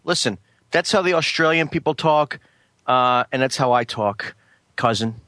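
A man co-hosting a comedy podcast, deadpan and stubborn, talking in affected broken grammar. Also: mid-range voice, moderate pace, no room sound. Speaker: podcast co-host.

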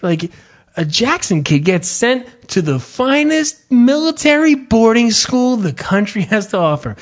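A man's voice: extremely high pitch, sing-song, a little slow. A man telling a sarcastic, profanity-laced comedic story in casual podcast chat.

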